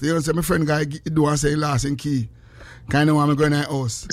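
Jamaican guy on morning radio, kinda high voice, dry close mic, gets loud telling stories. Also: flat delivery, quick pace, no echo. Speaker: radio host. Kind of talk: morning radio banter in patois.

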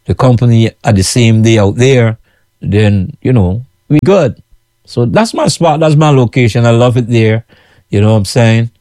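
A Guyanese man talks casually to his followers about his food business. His voice sits low and mellow. The sound is dry and close, and he keeps circling back with "you know what I'm saying". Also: no room sound. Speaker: food vendor running his own kitchen business.

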